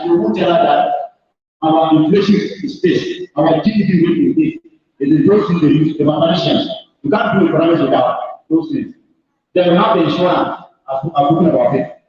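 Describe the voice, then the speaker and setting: A man from Ghana, a mathematics teacher, giving an emphatic orientation talk to new students and addressing them directly. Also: fairly high pitch. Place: large hall. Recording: echoey hall, distant mic, dull sound.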